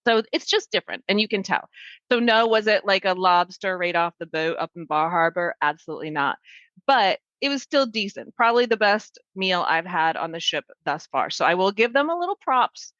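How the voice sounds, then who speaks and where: A woman from Maine co-hosting a podcast, telling stories in a chatty, animated way. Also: medium pitch, brisk, no echo, dull audio. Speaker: podcast co-host. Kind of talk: casual chat.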